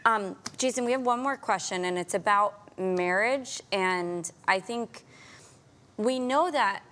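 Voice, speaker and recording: A woman hosting an interview, who reflects on her own experience and warmly affirms her guest. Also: mid-range voice, takes it slowly. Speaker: host. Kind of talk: conversational interview.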